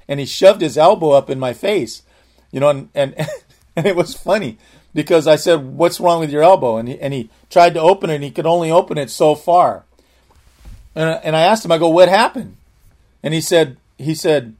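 A man's voice: a little high, moderate pace, darkish tone. A man preacher telling a personal testimony in a sermon, earnest and full of restarts. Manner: earnest storytelling, frequent restarts.

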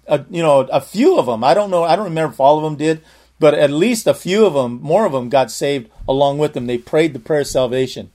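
A man's voice: a little high, a little mellow. Earnest man preaching a testimony. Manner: earnest storytelling, frequent restarts. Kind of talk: sermon with personal testimony.

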